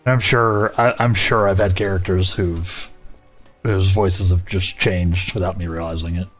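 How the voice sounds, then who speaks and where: Rambling Southern-accented streamer. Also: male voice, sits low, steady tone, measured pace. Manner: rambling, self-correcting, chuckling. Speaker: livestreamer. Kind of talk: casual gaming livestream chat. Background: faint game music.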